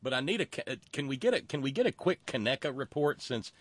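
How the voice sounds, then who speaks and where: Lively folksy talk-show host, man. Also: mid-range voice, fast. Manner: folksy, Southern-flavored banter with lots of restarts. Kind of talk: casual call-in chat.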